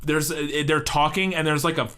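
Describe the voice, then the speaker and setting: A man's voice: a little high, fairly even intonation, moderate pace, pushed and bright, smooth. A man co-hosting a comedy podcast, rambling through a movie with frequent laughter and casual swearing. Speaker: podcast co-host.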